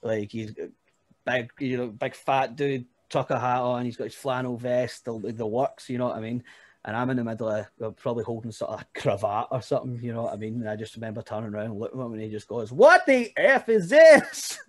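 A young man recounts his stories in a lively, chatty way, laughing often and leaning on "you know what I mean". His voice sits at an ordinary middle pitch, and the recording is close and dry with no room sound. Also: fast talker, no echo. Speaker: podcast guest, wrestler. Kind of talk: casual storytelling chat.

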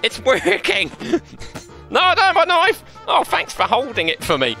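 Excitable, laughing man gaming. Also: very high-pitched, measured pace, creaky, faint music behind. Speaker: game streamer. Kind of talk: playful VR gameplay commentary.

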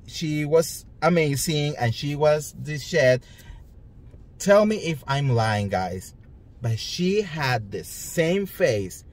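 Sassy man ranting about reality TV. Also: mid-range voice. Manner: sassy, animated, talks straight to viewers. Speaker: reality TV commentary vlogger. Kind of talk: casual ranting commentary.

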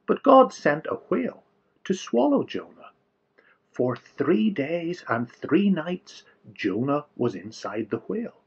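A man telling a story to children in an animated, playful, exaggerated way, on a dull lo-fi recording. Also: fairly high pitch, takes it slowly, gravelly, husky.

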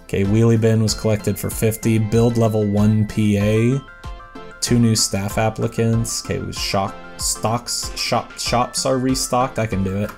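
A man's voice: lowish voice, little pitch movement, measured pace, a little mellow, faint music behind. A man giving casual, rambling gameplay commentary as a let's play host, self-deprecating and chatting to the characters on screen.

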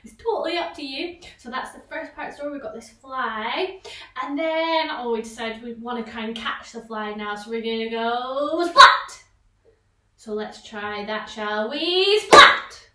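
A woman with a bright, fairly high voice guides children through a vocal warm-up, cheering them on and bursting into loud playful noises. She sounds a little away from the mic, in an echoey room. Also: normal speed, recorded from a distance. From Scotland. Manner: encouraging, leads sound games with sudden loud exclamations. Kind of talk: online vocal warm-up lesson.

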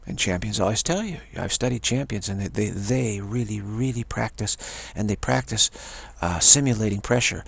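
Man, middle-aged, gravelly, husky, emphatic motivational talk, repeats lines for stress. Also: lowish voice, normal speed, few pauses, fairly bright tone, no echo. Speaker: teacher of a self-development practice.

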